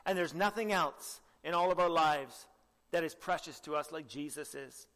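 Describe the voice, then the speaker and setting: Young guy preaching, earnest, keeps asking the crowd questions, slightly high voice, big echoey hall. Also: moderate pace, a bit bright. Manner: earnest, exhorting, asks the listeners direct questions; clears throat often. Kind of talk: sermon.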